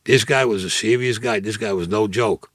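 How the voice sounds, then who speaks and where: A man's voice: lowish voice, moderate pace, dry recording. A man, telling his war stories bluntly in an interview and acting out the dialogue. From Brooklyn, New York. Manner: gruff, blunt street talk, acts out dialogue. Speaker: interviewee, Vietnam veteran. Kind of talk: storytelling interview.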